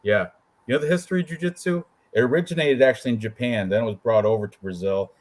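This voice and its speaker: A man co-hosting a casual show about fight predictions, joking and animated as he talks through his picks. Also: mid-range voice, fast talker, noisy background. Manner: joking, animated, puts on quoted voices. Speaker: co-host picking fights. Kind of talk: casual chat.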